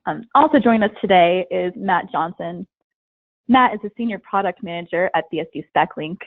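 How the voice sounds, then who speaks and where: A woman's voice: on the low side, no room sound. A woman hosts a webinar and reads out her guests' introductions. She sounds friendly. Her voice comes over a tinny line with no room sound. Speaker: webinar host.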